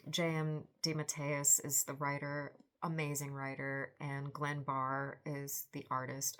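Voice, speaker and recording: A woman's voice: sits low, a bit bright. A woman in her forties hosting a book vlog, chatty and enthusiastic in a rambling, casual way. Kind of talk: casual book review chat.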